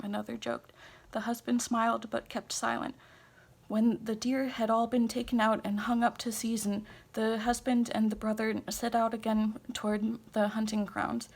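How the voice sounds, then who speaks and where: A woman reads a folktale aloud in a husky, gravelly voice that sits a little high. Her delivery stays level and even, and she pauses now and then to correct small slips. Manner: unhurried reading with small restarts and self-corrections. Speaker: storyteller.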